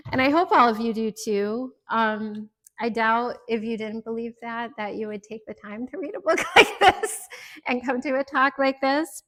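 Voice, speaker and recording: A woman librarian giving an earnest, chatty book talk to an audience, laughing often and talking with many fillers and restarts. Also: a little high.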